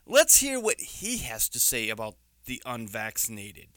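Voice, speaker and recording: A man's voice: mid-range voice, huge pitch swings, a little slow, fairly bright tone, no echo, clean studio sound. A man with a New York accent giving an indignant, sarcastic opinion commentary, stressing his words hard.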